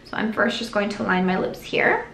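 A young beauty vlogger chats through her makeup routine at home in an easy get-ready-with-me style, earnest and rambling, full of "like," circling back and restarting. Her middle-pitched voice swings widely in pitch at a moderate pace, sounding creaky and a bit bright. The room rings with echo, and there's a little hiss or hum.

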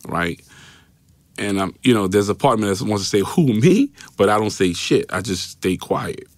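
A man's voice: lowish voice, fairly even intonation, normal speed, dry recording. A man with a New York accent, a guest on a podcast, telling a personal story in a loose, repetitive way and acting out the voices of people in it. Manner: storytelling, acts out quoted voices, repeats "right?". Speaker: interview guest. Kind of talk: recounting a personal story in an interview. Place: podcast studio. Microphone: studio mic.

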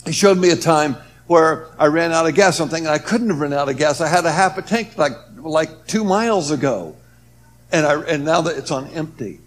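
A man telling a personal testimony story, swinging between loud emphatic lines and hushed, low ones. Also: normal speed, slight background noise. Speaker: testimony speaker.

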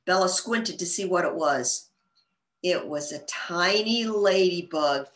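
A woman librarian reading a storybook aloud to young children with gentle, expressive storytelling. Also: on the low side, measured pace. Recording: roomy echo.

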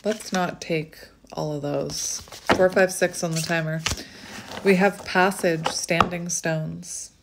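A woman doing a casual oracle card reading, gushing softly over cards and reading their text aloud. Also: on the low side, steady tone, takes it slowly, vocal fry, noisy background. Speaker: tarot reader.

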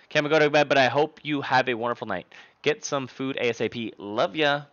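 A man's voice: medium pitch, fast, fairly bright tone, dull audio. A man in his twenties streaming live, chatting playfully and thanking viewers by name. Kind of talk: casual stream chat.

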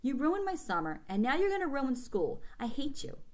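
A woman voicing an angry, hurt young boy in a read-aloud storybook, sulky with shouting outbursts. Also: fairly low pitch, big pitch swings, a little fast.

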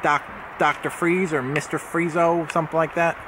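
A young man with a slightly high voice talks his way through an unboxing, rambling and joking as he corrects himself. Clear background noise sits under his voice the whole time. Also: flat delivery, moderate pace. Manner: rambling, jokey, self-correcting. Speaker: vlogger. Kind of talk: casual unboxing vlog.

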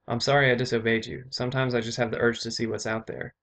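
Headstrong but polite young girl, calm read by a male narrator. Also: medium pitch, quick pace, close to an everyday voice. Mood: respectful. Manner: calm, respectful delivery.

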